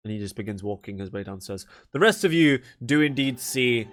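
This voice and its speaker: A man's voice: mid-range voice, animated, fairly quick, a bit bright. Man rambling as a game master. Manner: casual, rambling with many fillers. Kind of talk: narrating a tabletop game.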